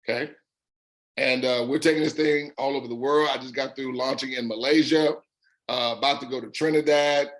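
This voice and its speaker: A middle-aged man with a raspy voice and a Southern drawl, hosting a call and telling his story in an upbeat, folksy way, repeating words for emphasis. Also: medium pitch, fairly even intonation, moderate pace, a bit bright, poor audio. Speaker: host. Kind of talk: casual call testimony.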